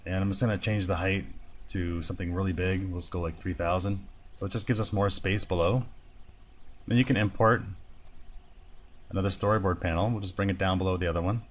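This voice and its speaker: A man teaching a storyboarding tutorial, talking through each step in a relaxed, thinking-aloud way. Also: deep voice, fairly quick. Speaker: animation instructor. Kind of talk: screen-recorded software tutorial.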